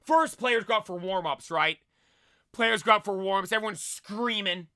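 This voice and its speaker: An excitable young man rambling through a casual stream chat, piling up fillers and restarting sentences mid-thought. His voice sits high and sounds bright and forceful, and the recording is dry with no room sound. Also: normal speed, no echo. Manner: excitable, rambling, full of "like" and "dude", many restarts.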